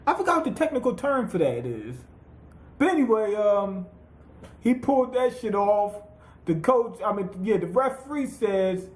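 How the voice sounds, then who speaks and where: Animated high-voiced man recapping an anime. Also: normal speed, roomy sound. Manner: animated, profane storytelling with acted-out quotes. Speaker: anime reviewer. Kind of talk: casual episode recap.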